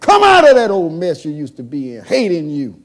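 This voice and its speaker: A pastor preaches in a high, lively voice that leaps up and down. He moves between quiet, drawn-out passages and sudden shouted calls to the church. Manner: call-and-response preaching, swings from soft to shouting. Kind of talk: sermon.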